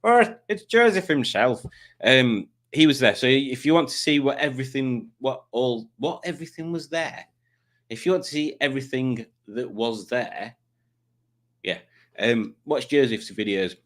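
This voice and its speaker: A man's voice: medium pitch, moderate pace, a bit bright. Chatty man hosting a stream. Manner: chatty, jokey, does silly voices for commenters. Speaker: live stream host. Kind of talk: casual chat reading live comments.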